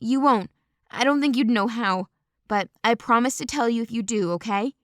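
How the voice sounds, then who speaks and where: A woman's voice: a little high, normal speed, no room sound, studio quality, natural voice. A woman reading an audiobook voices a fierce, loyal young woman with a bold, brash delivery. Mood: urging.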